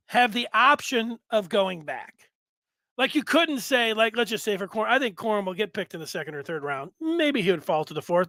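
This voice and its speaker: A man hosts a casual sports talk stream with a rather high, bright voice. He rambles in a chatty way and reads viewer comments aloud. The sound is close and dry. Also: no room sound. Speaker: sports show host.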